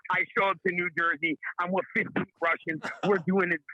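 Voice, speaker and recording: A man in his thirties from Southern California, calling in as a guest and telling boastful comic stories with brash, rapid-fire bravado. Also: high-pitched, level tone, pushed and bright, no echo, highs cut off. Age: 30s. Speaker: call-in guest.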